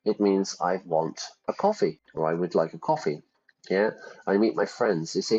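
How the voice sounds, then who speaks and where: Speaking at a moderate pace in a low-pitched, darkish voice, a man gives a laid-back vocabulary lesson over gameplay. He explains English words using everyday examples, and the recording has a dull, lo-fi quality.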